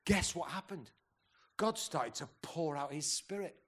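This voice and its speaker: Brief: fifties man, a bit high-voiced, fired-up conference preacher who throws questions at the crowd. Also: expressive, measured pace, a bit bright, slightly rough. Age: 50s. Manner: rousing, asks the crowd questions, stumbles and restarts. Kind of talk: conference sermon.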